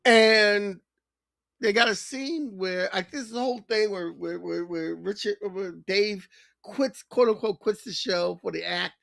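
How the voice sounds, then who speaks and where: A woman co-hosting a casual podcast chat, retelling a sketch with animated storytelling. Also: medium pitch, a little slow, gravelly, dry recording, studio quality. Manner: animated storytelling, acts out quoted lines. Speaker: co-host.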